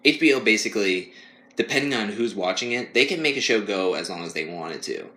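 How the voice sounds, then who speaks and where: A man's voice: fairly low pitch, expressive, fairly quick, bright, forceful tone. A young man co-hosting a podcast, rambling casually and laughing often as he mocks whiny voices. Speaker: podcast co-host. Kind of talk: casual chat.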